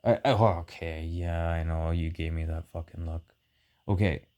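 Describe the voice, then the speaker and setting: A man's voice: low-pitched, steady tone, normal speed, warm tone. A man chatting casually with his wife, loose and joking, swearing freely and laughing often. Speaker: co-host of a couple's chat vlog. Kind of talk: casual chat.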